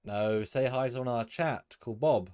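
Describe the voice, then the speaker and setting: A man's voice: medium pitch, fairly quick, darkish tone, clean tone, no echo. A man hosting a casual live stream, rambling with lots of fillers and restarts.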